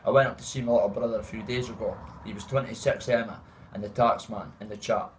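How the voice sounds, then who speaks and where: Here the Dundee-born host talks fast in a lowish, fairly even voice, rambling casually to his livestream viewers and addressing the chat as mate. The rough recording carries a little hiss or hum.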